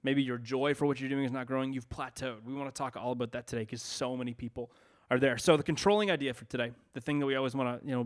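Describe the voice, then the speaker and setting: A young man co-hosting a casual podcast, talking in an upbeat, chatty way with plenty of fillers. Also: mid-range voice. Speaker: podcast co-host.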